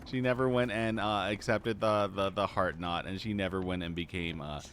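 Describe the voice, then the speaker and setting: A man's voice: low voice, steady tone, moderate pace, fairly bright tone. A man casually chatting while streaming a game, rambling and restarting his phrases. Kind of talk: casual live-stream chat.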